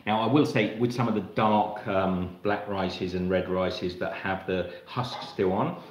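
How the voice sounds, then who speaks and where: Australian man, cooking host, rambling live-stream chat, lowish voice, echoey kitchen. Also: measured pace. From Australia, Melbourne. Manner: chatty and rambling, talking to viewers while he cooks.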